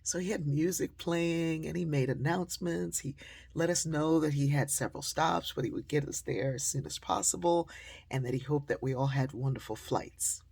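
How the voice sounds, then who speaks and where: Storytelling speaker, woman, gravelly and husky, animated, acts out dialogue. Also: sits low, normal speed. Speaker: motivational speaker. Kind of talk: storytelling talk.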